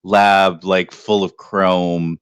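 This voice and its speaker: A man narrating as game master in a tabletop game, in a relaxed, giggly way. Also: sits low, extremely slow, clear, resonant tone, no echo.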